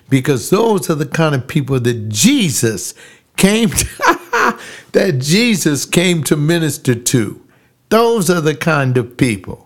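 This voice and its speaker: Slow and emphatic, an older pastor with a fairly high pitch relates a personal story. Phrases recur again and again as his telling swells into preaching.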